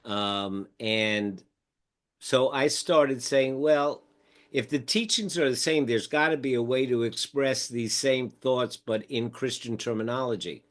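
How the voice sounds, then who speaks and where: An older man talks as a podcast guest, spinning anecdotes in a relaxed way. He slips into other people's voices as he retells their words, keeping the flow conversational. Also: mid-range voice, a little slow. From United States. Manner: animated storyteller acting out quoted dialogue. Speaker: podcast guest, mindfulness teacher. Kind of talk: casual storytelling interview.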